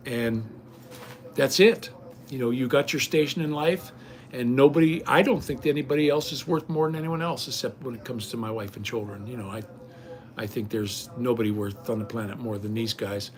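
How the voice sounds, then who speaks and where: Older man, folksy vlogger, rambling casual chat, stammered restarts, mid-pitched voice.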